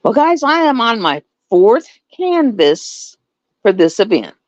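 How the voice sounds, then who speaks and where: A woman's voice: fairly high pitch, takes it slowly, no room sound. Lady rambling to her stream, bouncy up-and-down voice, dull dry sound. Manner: animated storytelling, laughs often, swings between voices. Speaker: live stream host. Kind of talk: casual chat to viewers.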